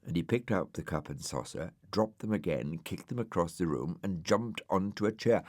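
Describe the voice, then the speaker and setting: A man narrating a children's storybook audiobook in an expressive, unhurried way. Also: low voice, dry recording, clean studio sound.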